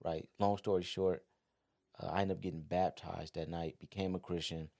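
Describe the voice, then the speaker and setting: A man in his thirties hosting a podcast, telling a personal story in a relaxed, conversational way, full of "like" and "you know". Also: sits low, moderate pace, vocal fry. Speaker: podcast host. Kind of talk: casual storytelling.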